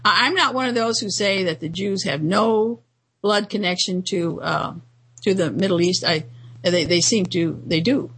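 A woman's voice: lowish voice, moderate pace, fairly bright tone, breathy edge, low-quality recording. A woman hosting a commentary show, talking through news items in a rambling, indignant monologue with frequent fillers and restarts.

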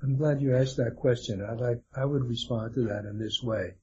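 Hesitant man with a dark voice. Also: mid-range voice, moderate pace. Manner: hesitant, stumbling with many fillers and restarts. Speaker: guest author. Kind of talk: conversational interview. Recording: dull lo-fi sound with faint noise.

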